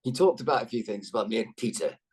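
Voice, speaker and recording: A middle-aged actor chatting on a video call, a rambling, self-deprecating storyteller with a lively delivery. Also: male voice, lowish voice, fast talker, husky. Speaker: actor guest. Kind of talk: casual interview chat.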